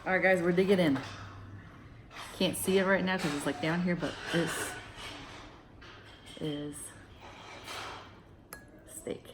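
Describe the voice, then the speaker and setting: A woman's voice: fairly low pitch, steady tone, takes it slowly, long pauses, noisy background. A woman hosting a casual cooking vlog, chatting to her viewers as she plates and tastes food. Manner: chatty, addresses viewers as guys. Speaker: cooking vlogger.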